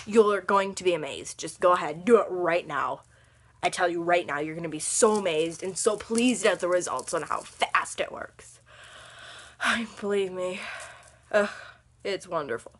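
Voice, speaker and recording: A young woman telling a rambling story on her vlog, laughing often as she talks, with a slightly husky voice. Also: fairly low pitch, lively intonation, moderate pace. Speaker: vlogger.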